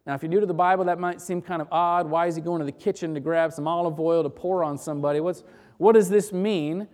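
A pastor preaching a sermon who swings between loud emphatic bursts and quiet, hushed passages. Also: mid-range voice, fairly quick.

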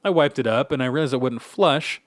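An American man co-hosting a podcast, telling a crude story in an animated, laughing way. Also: mid-range voice, a little fast, dry recording, studio quality. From United States. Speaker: podcast co-host. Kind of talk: casual storytelling chat.

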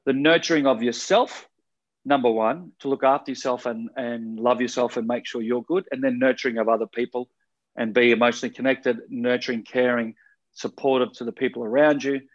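A man's voice: medium pitch, fairly even intonation, fairly quick, muffled recording. A man talking earnestly in a casual podcast chat, rambling with restarts and casual swearing.

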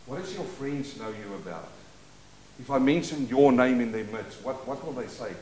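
A man preaching a sermon as pastor, leading call-and-response and moving between quiet asides and loud declarations. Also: medium pitch, expressive, normal speed, reverberant. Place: church.

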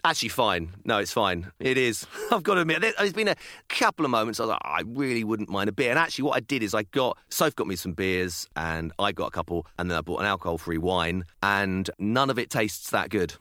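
A man's voice: on the low side, animated, brisk, few pauses, pushed and bright, dry recording, clean studio sound. A man from England co-hosting a casual chat, who laughs often and trips over his words. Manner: chatty, stumbles and repeats words, laughs often. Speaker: podcast co-host.

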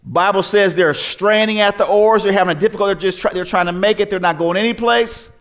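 A man's voice: high-pitched, a little fast, a bit bright. A man preaching a sermon as pastor, telling the story in a conversational way with rhetorical questions and frequent restarts.

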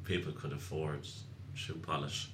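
A man's voice: a bass voice, monotone, a little slow, a bit bright, reverberant, a little hiss or hum. A man co-hosting a casual podcast, chiming in playfully as a listener to the story. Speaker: podcast co-host. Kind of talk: casual chat.

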